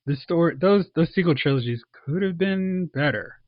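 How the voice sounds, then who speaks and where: A fairly high-voiced man in casual podcast chat, jumping into playful character bits as he talks. The sound is dry and a bit dull, like a lo-fi home recording. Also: dry recording. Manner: animated, acts out characters in quick asides. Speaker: podcast co-host. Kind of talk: casual movie review chat.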